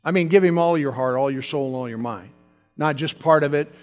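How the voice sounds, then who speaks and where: A man's voice: on the high side, brisk, long reverb tail, faint music behind. A male pastor preaching a fervent sermon, calling out to his congregation.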